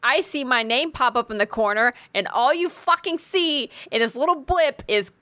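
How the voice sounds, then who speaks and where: A young woman telling a work story in casual chat, animated and swearing freely, acting out what she said. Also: high voice, normal speed, no room sound.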